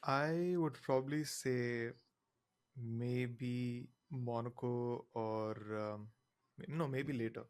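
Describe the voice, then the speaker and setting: A man's voice: mid-range voice, drawn-out words, clean tone. A man with a mid-range voice takes part in a casual podcast chat. He speaks hesitantly, often restarting as he searches for words.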